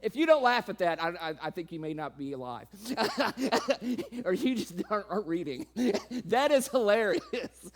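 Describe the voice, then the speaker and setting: A man's voice: expressive, a little slow. A man preaching a sermon, laughing often and playfully acting out the people in his reading. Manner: acts out quoted voices with sudden pitch jumps.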